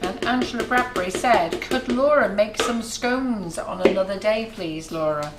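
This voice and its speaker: A woman's voice: medium pitch, normal speed, over loud music. Woman reading viewer comments, roomy kitchen. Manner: chatty, reads out comments conversationally. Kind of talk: live cooking show chat. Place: shop's demo kitchen. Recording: echoey kitchen with clattering dishes.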